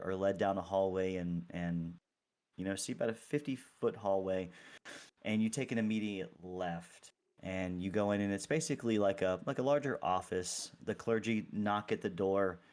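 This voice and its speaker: A man's voice: deep voice, moderate pace, darkish tone. A man narrating as game master of a tabletop game, talking hesitantly with many restarts and easy laughter.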